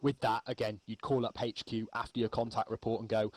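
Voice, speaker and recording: Low-voiced man teaching casually. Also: fairly quick, few pauses, dry recording, low-quality recording. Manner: relaxed, rambling, frequent ums. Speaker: milsim infantry instructor. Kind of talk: casual spoken lesson.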